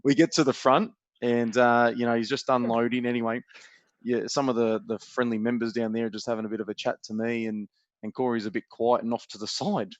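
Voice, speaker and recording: Australian male co-host, teasing storyteller, dry dull lo-fi sound, mid-pitched. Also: a little fast, no echo. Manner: animated teasing storyteller, swears freely. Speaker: podcast co-host. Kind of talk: casual banter, storytelling.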